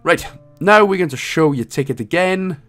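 A man's voice: fairly high pitch, lively intonation, normal speed, a bit bright, faint music behind. A man giving casual, jokey walkthrough commentary on a game, now and then reading out lines in put-on voices. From Wales. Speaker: game guide creator.

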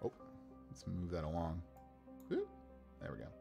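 Guy on a stream rolling dice for npcs, bouncy voice, laughs a lot, soft music behind. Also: low-pitched, normal speed, creaky. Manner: animated, laughs often, talks to chat while rolling dice. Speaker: game master building characters. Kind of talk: casual livestream chat.

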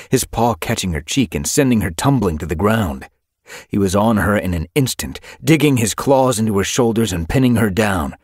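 Husky, expressive male audiobook narrator. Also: low-pitched, no room sound, studio quality.

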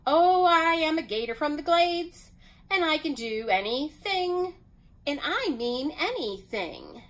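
A boastful, excitable female alligator from a storybook, put on by a woman reading aloud. She sounds high and swoops about, bossy and full of bounce. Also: unhurried, exaggerated voice.

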